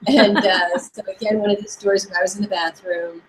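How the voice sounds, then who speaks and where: A woman's voice: mid-range voice, fairly even intonation, fairly quick, slight background noise, rough recording. A woman co-hosting a podcast, telling stories in a bubbly, laughing way. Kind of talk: casual chat.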